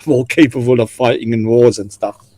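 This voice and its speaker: Bloke on a live panel, teasing and provocative, dry sound no room. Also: male voice, mid-range voice, steady tone, normal speed, warm tone, no echo. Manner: mocking, provocative joking. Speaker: panel guest. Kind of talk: casual banter on a live stream.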